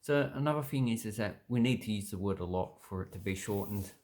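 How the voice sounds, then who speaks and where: An Australian man casually explaining words from a dictionary, thinking aloud with many pauses and restarts. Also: fairly low pitch, a little mellow. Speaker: language vlogger.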